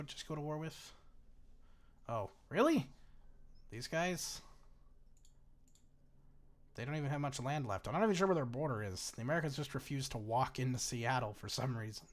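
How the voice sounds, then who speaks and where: Gaming host: casual man, medium voice, bemused running commentary with frequent laughs and swearing. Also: medium pitch. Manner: chatty, bemused, swears freely, laughs often. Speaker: gaming YouTuber. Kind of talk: casual let's-play commentary.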